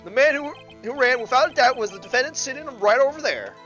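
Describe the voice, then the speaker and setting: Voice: high voice, lively intonation, fast talker, pushed and bright, muffled recording, soft background music, voice pushed up. An amateur fan dubber voicing a sleazy male newspaper salesman in a video game, with an attempted New York accent. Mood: nervous testifying.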